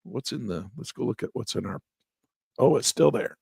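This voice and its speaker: A man's voice: medium pitch, animated, a little slow, vocal fry, long pauses, a little mellow, breathy edge, no room sound, clean studio sound. A man casually talking viewers through a live trading lesson, thinking aloud as he clicks through charts and chatting to his viewers. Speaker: trading instructor.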